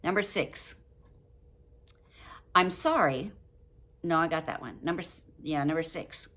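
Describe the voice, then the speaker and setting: An older woman talking casually to camera about a book, chatty and quick to laugh, acting out example phrases. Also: deep voice, fairly bright tone. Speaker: book review vlogger.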